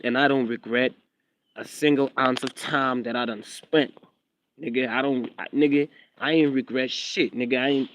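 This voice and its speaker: A man's voice: medium pitch, highs cut off. A young man from Eswatini, a rapper and content creator, rambling defiantly on a phone livestream with a South African accent tinged American. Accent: South African, with an American twang. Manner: rambling, repeats himself, defiant street talk. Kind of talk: casual livestream vlog. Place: outdoors in drizzle, hunched over phone.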